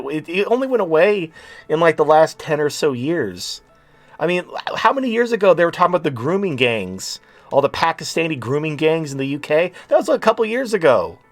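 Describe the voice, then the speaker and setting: A man in his late thirties hosting a talk show, ranting in a blunt, sarcastic and profane way. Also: a little high. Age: late 30s. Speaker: podcast host. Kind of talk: casual talk-show rant.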